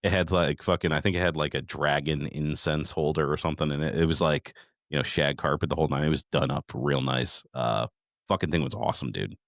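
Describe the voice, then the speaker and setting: Deep-voiced profane podcast host. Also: male voice, fairly even intonation, fairly quick, gravelly, no room sound, studio quality. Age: middle-aged. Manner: profane, rambling storytelling. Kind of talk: casual recap chat.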